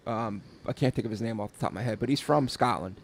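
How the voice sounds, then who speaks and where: Gravelly rambling man, casual chat. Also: on the low side, fast. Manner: rambling, repeats words, many fillers. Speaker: podcast co-host, tattoo artist.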